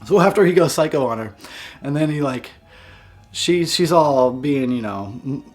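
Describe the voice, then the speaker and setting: A man's voice: on the high side, animated, moderate pace, soft background music. A man giving a casual movie review, swearing freely and often breaking into laughter. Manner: giggly, profane, breaks into laughter.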